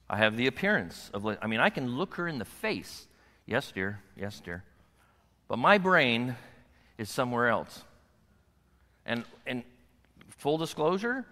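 An older man, a pastor, preaching a sermon to his congregation, animated and acting out the voices of his kids and wife. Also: mid-range voice, big-room sound. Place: church sanctuary.

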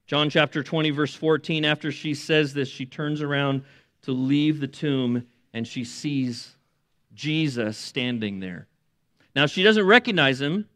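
A middle-aged man preaches a sermon in a slightly high voice, retelling scripture with dramatic voiced quotes that build to emotional peaks. The sound is close and dry, with no room around it. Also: fairly bright tone, no room sound. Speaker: pastor.

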